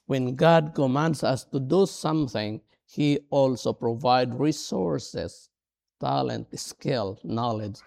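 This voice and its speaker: A middle-aged male pastor preaching a sermon in English, which is not his first language. His voice is dark and gravelly, and he speaks slowly in an earnest, halting, self-deprecating way. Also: mid-range voice.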